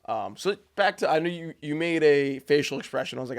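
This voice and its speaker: A man in his twenties, a high school teacher, chatting casually on a podcast and often restarting his words. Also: animated, fairly quick. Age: 20s. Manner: stammering restarts, repeats words.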